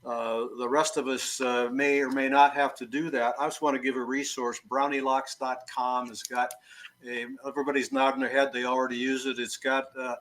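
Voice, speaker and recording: A man's voice: mid-range voice, flat delivery, moderate pace, fairly bright tone, poor audio. A man marketing strategist talking on a casual panel, rambling with cheeky humor.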